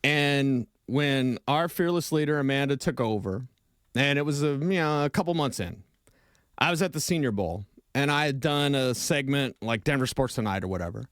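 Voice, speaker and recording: A man co-hosting a sports radio show in a studio, talking fast, emotional and opinionated in casual banter. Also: medium pitch, expressive, fairly bright tone, clear, resonant tone, no room sound. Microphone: studio microphone.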